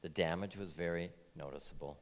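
A man preaching as pastor, earnest and deliberate, telling a story in his sermon. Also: low voice, long reverb tail. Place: church.

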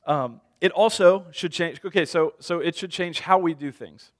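A man's voice: fairly high pitch, normal speed. A man in his thirties preaching a sermon as a pastor, conversational, telling stories with self-deprecating humor.

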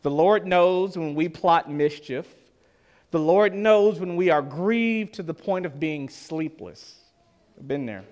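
A man preaching a sermon to his church, earnest and slowing down to stress key lines. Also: a little high, a little mellow.

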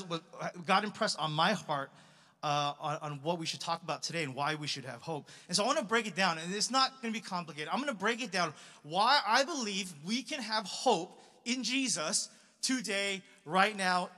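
A man's voice: high voice, pushed and bright. A young man preaching a sermon in a casual, conversational way, full of fillers and restarts. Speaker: pastor. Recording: reverberant hall.

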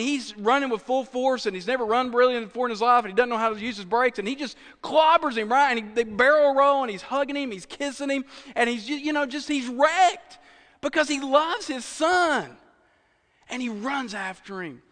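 A man's voice: extremely high pitch, fairly bright tone, in a large hall. A man preaching a sermon in a conversational way, dropping at times from full voice to a near whisper. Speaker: pastor.

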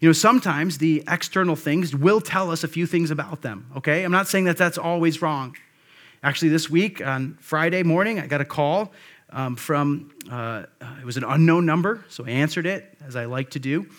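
A man's voice: a little high, moderate pace. A male pastor delivering a conversational sermon, with frequent asides and restarts.

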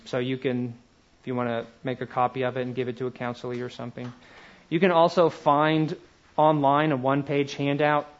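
A man's voice: mid-range voice, highs cut off. Man giving a conversational lecture. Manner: conversational, slows to emphasize words one at a time. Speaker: teacher. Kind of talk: classroom lecture.

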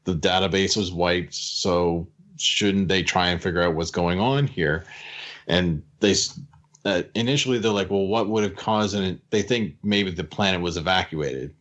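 A man with a very deep, low voice leads a casual podcast recap, walking through the plot scene by scene. He drops into quick quotes of the characters now and then, and keeps the chat going with friendly agreement. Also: fairly bright tone, muffled recording. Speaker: podcast host recapping episodes.

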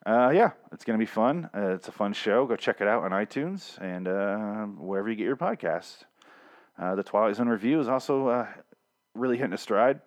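A man hosting a podcast alone, talking in a casual, rambling, jokey and profane way with a hoarse, strained voice. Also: fairly low pitch, lively intonation, normal speed. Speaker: podcast host. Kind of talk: casual solo podcast talk.

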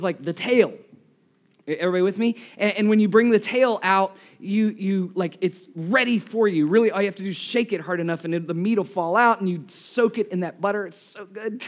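A man with a high voice preaches to his congregation. He is losing his voice and sounds hoarse. He tells lively, self-mocking stories into a live microphone in a church. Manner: animated, self-deprecating storyteller. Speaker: pastor. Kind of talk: live sermon with storytelling.

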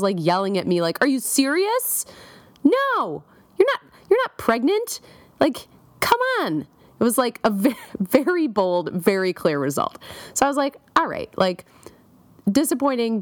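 A young woman talks through a personal diary recording, circling her thoughts with plenty of fillers and wry self-mocking asides. Her voice sits a little low for a woman, and the sound is dry and close with no room echo. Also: a little mellow. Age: young adult. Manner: chatty, rambling, self-mocking, many fillers. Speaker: diarist.

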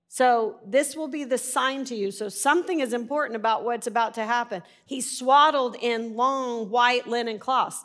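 A woman reading a Bible passage aloud and then explaining it in a conversational teaching style, stressing key words and now and then clearing her throat. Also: a little high, a bit bright.

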